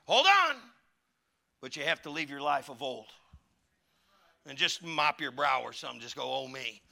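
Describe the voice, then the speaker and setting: A man's voice: medium pitch, normal speed, creaky, sharp tone. A pastor preaching a sermon in a church, folksy and emphatic, building in fervor as he teaches. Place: church sanctuary.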